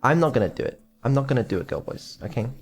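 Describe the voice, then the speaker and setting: A man's voice: medium pitch, sing-song, fast talker, loud music behind the voice. A man chatting casually on a stream, rambling and offhand with lots of ums and casual swearing. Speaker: streamer and developer.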